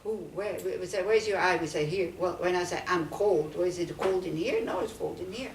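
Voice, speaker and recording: A woman's voice: on the low side, fairly quick, a little hiss or hum. A woman, a Buddhist nun, giving a conversational dharma talk to a small group, asking them question after question. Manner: questioning, conversational, many "you know"s. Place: teaching centre room. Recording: echoey room, speaker far from mic.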